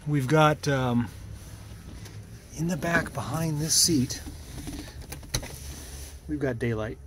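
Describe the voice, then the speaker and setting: A man's voice: fairly high pitch, takes it slowly, a bit bright, a little hiss or hum. A man casually walking through his workshop, rambling about his car restoration and catching his own mistakes as he goes. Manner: rambling, self-correcting, fond of the cars. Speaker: car restorer and channel host. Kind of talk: casual shop walkaround vlog. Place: home workshop and driveway.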